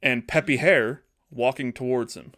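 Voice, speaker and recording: Male podcast host, casual storyteller, animated, pitches a plot, mid-pitch voice. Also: normal speed. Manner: animated, acting out characters.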